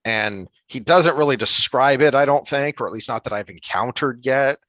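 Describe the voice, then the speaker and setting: A man's voice: mid-range voice, normal speed, a bit bright, no echo. Dry-sounding man, casual podcast co-host. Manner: rambling, many restarts and fillers. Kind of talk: casual book discussion.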